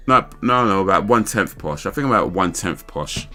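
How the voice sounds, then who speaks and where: Deep-voiced rambling man. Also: expressive, normal speed, sharp tone, faint music behind. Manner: rambling, thinks aloud, questions himself. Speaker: livestream host. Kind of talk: casual livestream chat.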